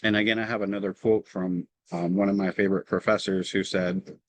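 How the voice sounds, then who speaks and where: A man with a Southern drawl talks through his approach on a video call. His voice sits fairly low, and his manner is relaxed and explanatory, with filler ums between thoughts. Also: a little fast, no echo, low-quality recording. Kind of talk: casual meeting talk. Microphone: video call microphone.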